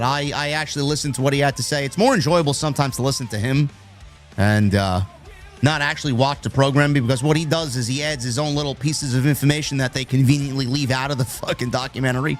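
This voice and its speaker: A man from New York who hosts a live stream, chatting casually and reading out viewer messages, with frequent restarts. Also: medium pitch. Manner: rambling, restarts, reads viewer messages aloud. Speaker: host of a wrestling live stream.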